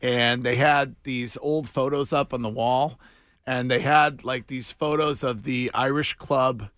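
A man's voice: mid-range voice, fairly even intonation, a little slow, fairly bright tone, no room sound. Guy hosting morning radio, jokey rambling chat, dry close studio mic. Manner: chatty, jokey, trailing fillers and restarts. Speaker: radio morning show host. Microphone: studio microphone.

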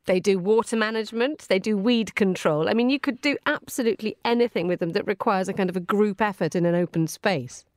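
A woman reads radio headlines and then trades dry, teasing jokes with the host. Her mid-pitched voice sounds close and dry, with no room echo. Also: fairly quick, few pauses. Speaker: news presenter. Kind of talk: news reading and banter.

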